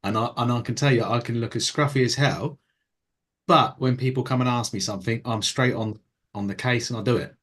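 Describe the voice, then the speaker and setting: A man's voice: medium pitch, fairly even intonation, fairly quick, fairly bright tone. A man joining a video call, adding short, plain remarks in casual chat. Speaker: meeting participant.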